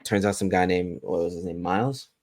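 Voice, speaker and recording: A man co-hosting a casual TV recap podcast, retelling scenes in a relaxed way with fillers. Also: low-pitched, fairly quick, no room sound. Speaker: podcast co-host.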